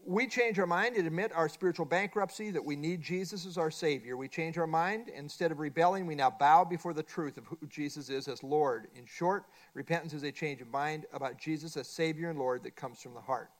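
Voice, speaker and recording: Speaking briskly with few pauses, a middle-aged man leads a Bible study, guiding the class page by page through a workbook. His voice is slightly high for a man, and he hammers his key points emphatically, repeating them again and again.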